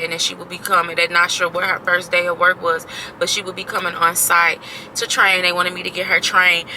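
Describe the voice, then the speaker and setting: A woman's voice: fairly low pitch, sharp tone, slight background noise, poor audio. A woman in her thirties casually venting to her camera, exasperated and emphatic, repeating herself and swearing freely. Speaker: vlogger.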